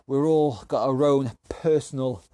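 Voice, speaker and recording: Man, fitness instructor, slow deliberate cues, counting down, exercising along. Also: medium pitch, warm tone, no room sound. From United Kingdom. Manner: counts down and cues exercises while working out himself. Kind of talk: live online workout class.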